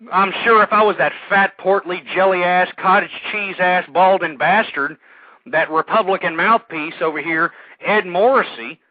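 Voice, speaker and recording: A male talk radio host ranting through a monologue, swinging between shouting and weary sighs. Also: high-pitched, no echo. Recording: dry tinny phone-line audio.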